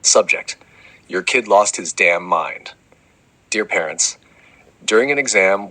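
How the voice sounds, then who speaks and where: A man's voice: deep voice, bright, forceful tone, breathy edge, low-quality recording. A man narrating comic letters to parents as a fed-up school principal, exasperated, dramatic and swearing often. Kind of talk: comedic scripted narration.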